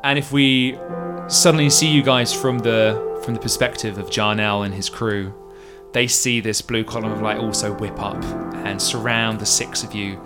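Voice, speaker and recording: A man narrating a tabletop role-playing game as game master, descriptive and halting, with music behind. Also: fairly low pitch, fairly even intonation.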